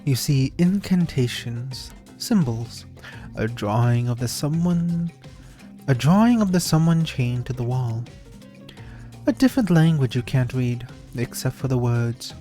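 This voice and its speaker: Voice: medium pitch, slow, warm tone, soft background music. A streamer reading a game's narration aloud, playful, with laughing asides.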